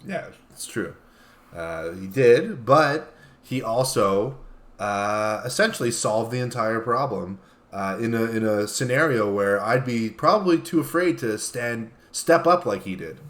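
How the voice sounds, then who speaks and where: A male co-host with an average-pitched voice and a dry, deadpan wit. He talks in a halting way, with pauses as he thinks. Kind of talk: casual chat.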